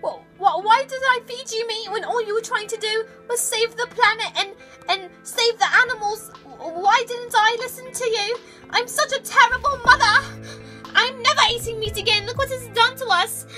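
A woman voicing a mother in a toy figure skit who is frantic with guilt. She stammers in a very high, bright voice. Soft music plays under her. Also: normal speed. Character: guilt-stricken, wailing mother.

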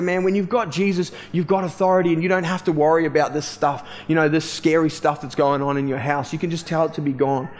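Male pastor, casual storytelling. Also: a little high. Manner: casual, conversational, many fillers and restarts. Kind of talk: storytelling sermon.

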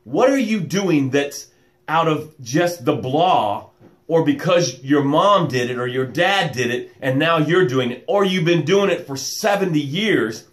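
A man hosting a live motivational stream, welcoming viewers by name and guiding slow breaths. He calls himself loud and boisterous. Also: on the high side. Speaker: motivational coach and show host. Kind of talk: live-stream pep talk with guided breathing.

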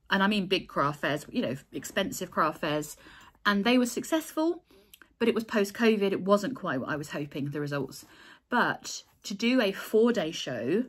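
A woman in casual chat to camera, talking about her crochet work in a heartfelt, chatty way, with restarts and soft laughs; she says she is tired. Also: fairly low pitch, slightly rough. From England. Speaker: crochet designer and vlogger.

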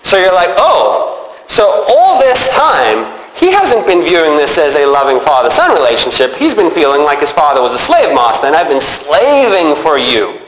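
A man preaching a sermon, lively and expressive, acting out characters in the story as he speaks. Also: on the high side, moderate pace, a little hiss or hum. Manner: animated, acts out biblical characters with changing voice. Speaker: pastor. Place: church sanctuary. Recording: echoey church hall, faint ambience.

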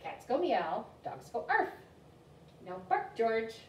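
A woman's voice: on the high side, big pitch swings, takes it slowly, a little hiss or hum, pitched above the performer's own voice. A woman reading a storybook aloud and voicing a fussy mother dog who insistently scolds her puppy, recorded in a roomy space from a distance. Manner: exasperated, insistent.

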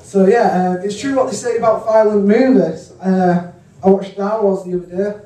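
A young man with a high voice delivers a stand-up set in deadpan one-liners, full of ums and crude punchlines. He sits well away from the mic in an echoey function room. A steady noise hangs under the live recording. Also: normal speed, recorded from a distance. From Hull, England. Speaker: stand-up comedian. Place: hotel function room comedy gig.

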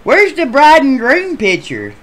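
A performer voicing a foul-mouthed, easily riled man telling a tale in a Sims machinima game show. He drops to low grumbles, then climbs into loud, incredulous shouting. His pitch swings widely the whole way through. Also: wildly swooping pitch, a little slow, full character voice. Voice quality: profane, swings from mumbling to shouting. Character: crude rambling male storyteller, easily riled.

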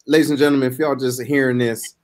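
A man hosting a live talk show, jumping in with animated asides and addressing his audience directly. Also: mid-range voice, fast talker. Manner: animated, interjecting, preachy asides.

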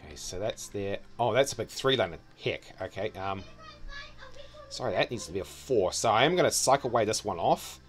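Streaming a city-building game, a New Zealand man thinks out loud, often trailing off and correcting himself in casual commentary. His fairly low voice is animated and brisk, with soft music playing in the background.

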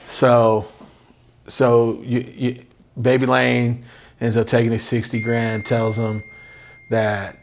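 A man's voice: mid-range voice, completely flat delivery, slow pace, pauses often. Hesitant male interviewer. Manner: hesitant, many fillers and restarts. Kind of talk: casual interview questions.

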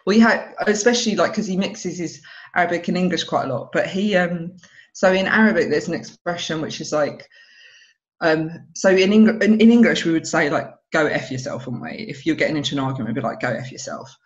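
Woman comic on a podcast, animated storyteller, laughs a lot, kinda muffled lo-fi audio. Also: fairly low pitch, brisk. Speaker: stand-up comedian guest. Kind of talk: casual podcast conversation.

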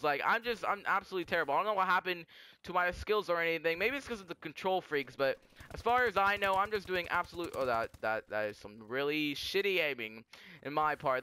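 A young man talks through a live game session in a rambling, excitable way, backing up and restarting his sentences. His voice sits high and sounds bright and clean. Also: smooth. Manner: rambling, self-correcting, excitable. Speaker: gaming commentator. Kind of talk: live gameplay commentary.

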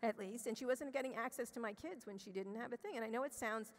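A middle-aged woman telling a candid personal story as an interview guest on a conference stage, blunt and profane, restarting her sentences as she rushes ahead. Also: fairly high pitch. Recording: long hall reverb.

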